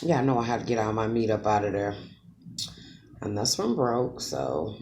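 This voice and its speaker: A woman with a very deep voice chats casually to her viewers while she eats, calling them y'all. Her pitch moves a lot, and she takes her time, stretching out words. Between bites she hums with pleasure. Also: sing-song, unhurried. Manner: chatty, addresses viewers as y'all, savoring hums while eating. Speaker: mukbang vlogger. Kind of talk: casual eating vlog talk to viewers.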